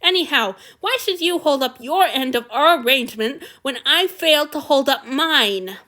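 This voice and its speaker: A woman's voice: sits high, expressive, moderate pace, pushed and bright, pitched above the performer's own voice. A woman reading aloud, voicing an injured, guilt-ridden male lord with a lisp who speaks in frustration. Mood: frustrated. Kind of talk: audiobook reading.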